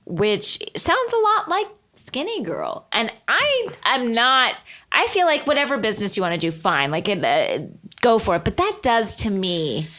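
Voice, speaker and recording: Animated woman co-hosting a chat podcast. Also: fairly high pitch, unhurried. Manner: chatty, animated, laughs often. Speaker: podcast co-host. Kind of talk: casual chat.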